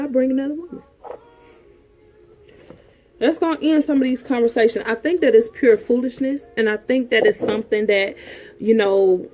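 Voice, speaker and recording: A woman's voice: medium pitch, dark tone, slight background noise. A woman counselor giving frank relationship advice in an emphatic, preachy way, repeating her points. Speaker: sexologist and counselor host.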